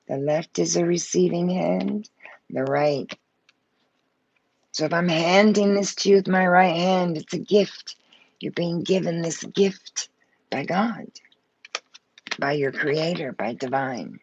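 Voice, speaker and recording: A woman's voice: low voice, very animated, slow pace, gravelly, a little mellow, highs cut off, a little hiss or hum. A woman giving a live tarot reading, blunt and fired up, swearing freely as she talks. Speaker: tarot reader.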